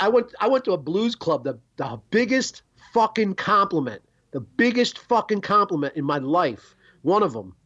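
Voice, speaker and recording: Middle-aged man hosting a podcast, animated and swearing through rambling anecdotes; fairly high voice, dull lo-fi audio. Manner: rambling, profane, animated storyteller. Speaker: podcast host. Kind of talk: storytelling chat.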